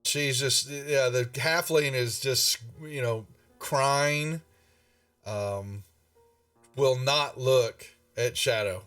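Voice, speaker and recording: Slow rambling game master, man. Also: medium pitch, fairly bright tone, recorded from a distance, faint music behind. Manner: rambling, many fillers and restarts. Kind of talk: narrating a tabletop game.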